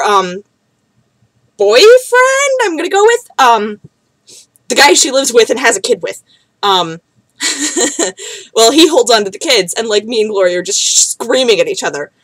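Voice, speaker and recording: A woman's voice: a little high, sing-song, moderate pace, a bit bright, dry recording, low-quality recording. A young woman telling a rambling story to camera, with many fillers and frequent swearing. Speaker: vlogger. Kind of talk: casual storytelling.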